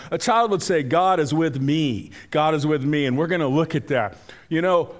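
An older man, a pastor, preaching a sermon in a conversational, storytelling way with frequent restarts. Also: on the high side. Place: church sanctuary.

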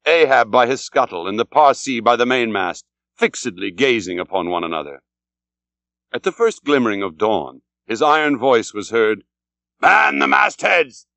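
A man narrating an audiobook in a solemn, dramatic, measured way. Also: medium pitch, fairly bright tone, dry recording.

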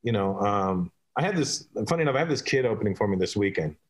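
A comedian from Canada, a man, chatting casually as a guest and telling animated stories with frequent laughs. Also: fairly low pitch, fast. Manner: animated storytelling, laughing often. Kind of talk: casual chat.

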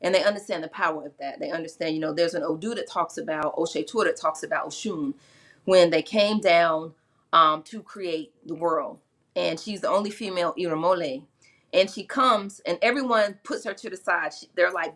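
Low-voiced woman telling sacred myths. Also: normal speed, a bit bright. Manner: earnest, retells myths and slips into quoted voices. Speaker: spiritual practitioner and priestess. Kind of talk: casual conversational storytelling.

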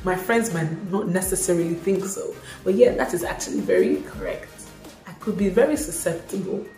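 Warm in tone, at normal speed and a fairly low pitch, this young woman speaks with a Nigerian accent in a relaxed vlog. She talks expressively, slips in bits of Yoruba, and is recorded in an echoey room with faint music behind her.

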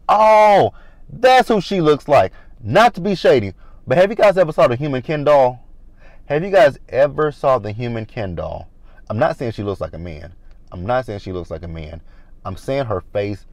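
A man's voice: mid-range voice, lively intonation, moderate pace, a little mellow, no echo. A man from the American South giving a chatty, blunt review of a reality TV episode, acting out the cast in quotes. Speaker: reality TV recap vlogger.

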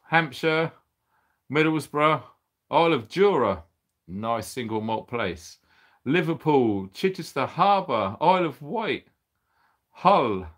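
A man's voice: a little high, a bit bright. A middle-aged man from the UK hosting a casual livestream, upbeat and chatty, laughing often as he reads out viewers' names and where they are from. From United Kingdom. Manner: laughs often, exclaims blimey and bonkers. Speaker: livestream host.

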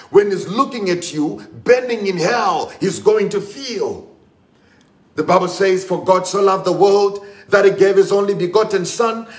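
A man's voice: sits high, fairly bright tone, reverberant. A man preaching a sermon with emphatic, repetitive delivery and rising exclamations.

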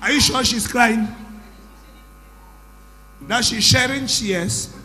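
A man's voice: very high voice, takes it slowly, pushed and bright. A man preaching as prophet in a church service, emphatic and exclaiming, questioning his congregation. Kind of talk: sermon with deliverance testimony. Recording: echoey hall, music underneath.

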